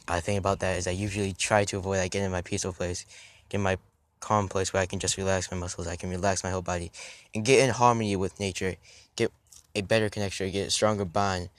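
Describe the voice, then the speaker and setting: Young male fitness vlogger, slightly low voice, casual and meandering, restarts a lot, recorded outdoors. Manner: halting, restarts often, drifts off topic. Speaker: fitness YouTuber. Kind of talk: rambling casual vlog talk.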